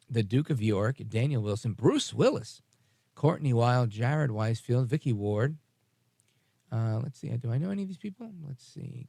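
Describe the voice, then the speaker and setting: Creaky-voiced man hosting talk radio. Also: mid-range voice, a little mellow, no room sound. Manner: chatty, joking asides, self-deprecating. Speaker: radio talk show host. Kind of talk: casual talk radio monologue.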